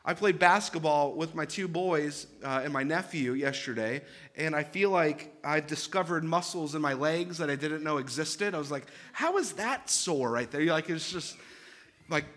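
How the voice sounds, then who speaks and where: A man in his thirties delivering a sermon in a fairly high, bright, forward voice. He preaches with earnest, emphatic conviction, slipping into relaxed conversational asides and often restarting or repeating phrases as he builds a point. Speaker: pastor.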